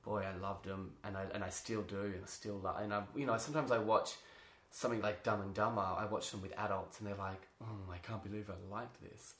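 Aussie guy, lowish voice, chatty storyteller laughing a lot, echoey room. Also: fast. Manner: animated storyteller, laughs often, restarts sentences. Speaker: interview guest, drama teacher. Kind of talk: casual interview chat. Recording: roomy echo.

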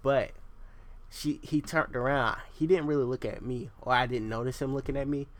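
A man's voice: medium pitch, moderate pace. A young man hosting his own podcast, rambling casually with lots of swearing and tangents. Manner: profane, digressive, self-deprecating. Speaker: podcast host.

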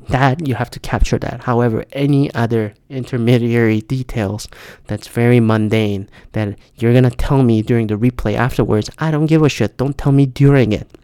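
A man's voice: mid-range voice, creaky, mellow, no echo, clean studio sound. A man ranting casually in a monologue, exasperated and profane.

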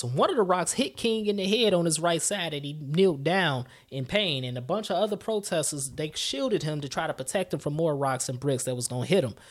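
A man hosting a history podcast, telling it in an animated, outraged way with swearing asides. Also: on the high side. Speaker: podcast host.

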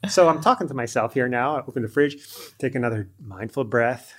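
Male podcast guest at a middle pitch, chatty and animated, who acts out quoted lines. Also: fairly quick, few pauses. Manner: lively storyteller acting out quoted lines; frequent fillers like "like" and "you know". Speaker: podcast guest, leadership coach. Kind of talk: conversational interview.

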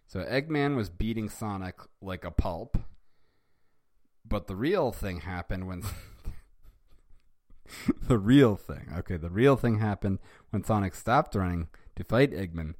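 Wry male host reading fan fiction aloud with amused asides, low voice, dry close sound. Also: lively intonation, measured pace, a little mellow, dry recording. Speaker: reader and host. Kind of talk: casual reading with wry commentary.

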